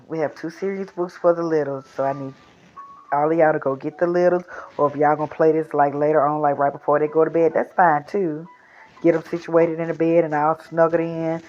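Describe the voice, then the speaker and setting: A woman's voice: deep voice, a little mellow. A woman hosting a children's storytime show, chatting casually and rambling before reading aloud. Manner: chatty, rambling, repeats herself. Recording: dull lo-fi recording.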